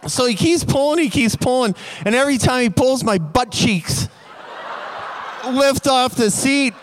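A man telling a comic personal story in an animated way, building tension. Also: very high voice, unhurried, a little hiss or hum.

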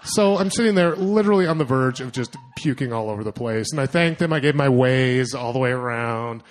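A young man telling a personal story to an audience, animated and self-mocking, acting out his own thoughts in asides. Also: mid-range voice, a little fast, slight background noise. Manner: animated, self-mocking, lots of fillers and acted-out inner voices.

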